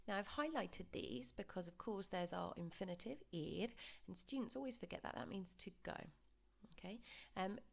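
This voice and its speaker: A woman teaching a lesson over slides, explaining pronunciation patiently and modelling words slowly for repetition. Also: mid-range voice, gravelly. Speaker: Spanish teacher. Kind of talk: recorded classroom lesson.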